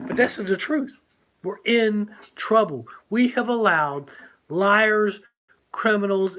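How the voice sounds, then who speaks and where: A man's voice: high-pitched, fairly bright tone, slight background noise. An older man co-hosting a casual talk show, speaking in a preachy, emphatic way and laughing often. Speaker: co-host.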